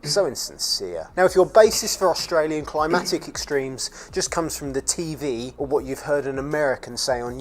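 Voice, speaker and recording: A speaker from the UK with a British accent, narrating an expat vlog in a scripted way with dry, jokey asides. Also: medium pitch. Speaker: expat vlogger.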